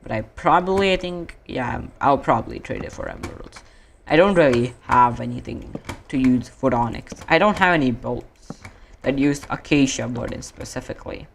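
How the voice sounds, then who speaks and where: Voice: mid-range voice, creaky, a little hiss or hum. Rambling streamer from India. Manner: rambling, self-correcting, drawn-out fillers. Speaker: gaming streamer. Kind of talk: casual gaming stream chat.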